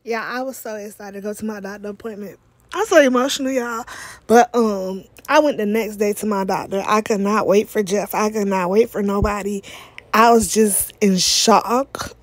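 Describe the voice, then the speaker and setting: A woman's voice: medium pitch, fairly even intonation, moderate pace, no echo. A young woman, vlogging an emotional personal testimony with repeated emphasis and talk straight to viewers. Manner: repetitive emphatic phrasing, addresses viewers as y'all.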